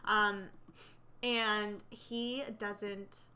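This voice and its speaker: A woman's voice: medium pitch, level tone, very slow, pushed and bright. A young woman narrating a life simulation game in a casual, chatty way, full of fillers and gossip. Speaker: let's play narrator.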